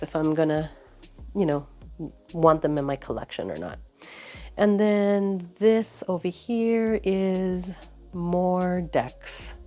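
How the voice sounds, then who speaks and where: Low-voiced woman rambling through a desk tour, kinda out of breath, soft music under it. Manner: rambling, chatty, with many fillers and restarts. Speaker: vlogger giving a desk tour. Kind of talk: casual chat.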